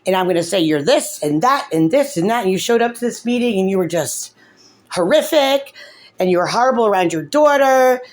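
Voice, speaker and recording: A woman's voice: mid-range voice, expressive, a little fast, darkish tone, lightly acted. A woman putting on the sneering voice of a dismissive female social worker. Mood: mocking. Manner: sneering, mocking.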